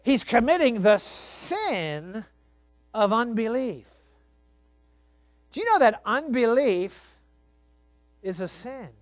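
A man's voice: extremely high pitch, very animated, slow pace, pauses often, dry recording. A pastor preaching a sermon, emphatic, asking his congregation rhetorical questions and reading scripture aloud. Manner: reads scripture aloud in old-fashioned wording.

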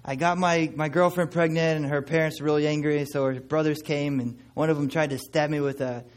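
A man voicing a quiet, mumbling young village man with a muffled nasal sound, inside a sermon story. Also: a little high, fairly even intonation, a little fast, close to an everyday voice. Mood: subdued.

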